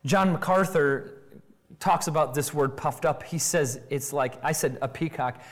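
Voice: medium pitch, unhurried. A preacher giving an expository sermon, firing off rhetorical questions and acting out quoted voices. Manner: animated, acts out quoted voices.

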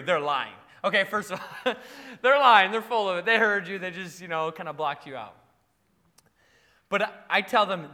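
A man's voice: sits high, normal speed, big-room sound. A male pastor preaching, telling playful stories with frequent laughter. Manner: animated, playful storytelling. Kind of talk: sermon.

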